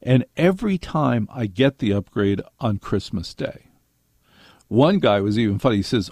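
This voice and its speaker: Older male radio host, wry storyteller, gravelly voice. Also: medium pitch, lively intonation, normal speed, darkish tone, no echo, clean studio sound. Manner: wry storytelling with acted quotes. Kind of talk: monologue to listeners.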